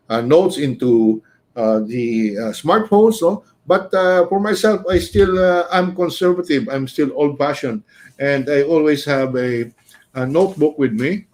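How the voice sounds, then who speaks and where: A man teaching writing in an unscripted livestream lecture, pausing on many "uh" fillers and often ending points with a questioning "no?". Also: mid-range voice. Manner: hesitant, many "uh" fillers, frequent tag "no?".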